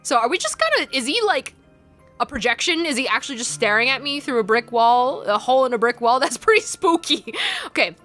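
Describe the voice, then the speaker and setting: A woman playing a video game and chatting about it, excitable and chatty. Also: high-pitched, fairly quick, soft background music. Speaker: let's player. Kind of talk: game commentary.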